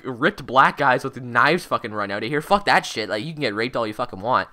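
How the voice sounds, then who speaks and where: A mid-teens boy recounts a story in a casual vlog, his voice bright and pushed forward. He rambles, restarts, and swears constantly, getting worked up as he goes. His pitch sits in the ordinary middle for a guy. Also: a little fast. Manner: excitable, swears constantly, rambling with many fillers. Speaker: vlogger.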